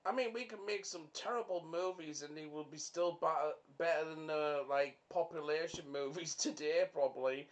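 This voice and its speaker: A man's voice: fairly high pitch, normal speed, hardly any pauses. A young man hosting a podcast in a casual chat. He rambles with lots of fillers and keeps breaking into fits of laughter. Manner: rambling, full of "like" and "you know" fillers. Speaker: podcast host.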